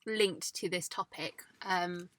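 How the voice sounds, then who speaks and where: A woman's voice: on the low side, steady tone, slow, a bit bright, no room sound. A young woman co-hosting a casual chat in a parked car, chatty and upbeat. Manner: chatty, upbeat, wraps things up. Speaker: co-host.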